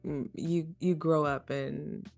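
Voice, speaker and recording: Woman in her 30s, podcast guest, gravelly voice, reflective and open, faint music behind. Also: sits low, takes it slowly, dry recording. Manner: reflective, open, animated when joking. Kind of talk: casual conversation.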